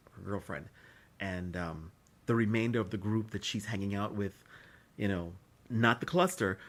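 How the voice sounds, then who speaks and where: A man vlogging at home, chatting casually about a series in a rambling, emotional way, with many fillers and restarts. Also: lowish voice. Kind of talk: casual chat. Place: indoors at home during a thunderstorm.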